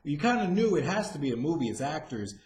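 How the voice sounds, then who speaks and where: Male vlogger, rambling profane rant, somewhat high pitch, roomy echo. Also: sing-song, fast talker, a little mellow. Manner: rambling, profane, full of fillers and restarts.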